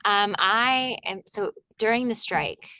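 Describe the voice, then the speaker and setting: A woman's voice: medium pitch, slow, pushed and bright, no echo. A young woman from Virginia, an actor, chatting casually as an interview guest, laughing often and acting out little quoted voices. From Virginia, USA.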